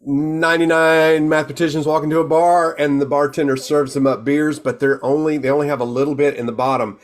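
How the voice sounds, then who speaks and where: A man performing in an online improv game, telling quick pun jokes in a casual, easygoing way. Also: a little high, flat delivery.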